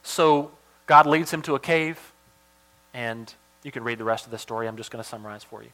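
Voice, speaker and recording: Male pastor, sermon delivery, bright tone, animated with dynamic swings. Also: medium pitch, fairly quick. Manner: animated, swings from loud emphasis to hushed asides.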